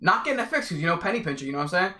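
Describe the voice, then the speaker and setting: A young man with a high, bright voice tells an animated, slangy story. The room around him sounds echoey. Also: racing. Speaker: vlogger. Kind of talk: casual storytime.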